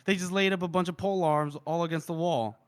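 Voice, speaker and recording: A man's voice: on the high side, steady tone, fast talker, clear, resonant tone, dry recording. A man co-hosting a podcast, animatedly retelling a story, acting out the characters' lines and laughing often. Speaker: podcast co-host. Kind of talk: casual book discussion.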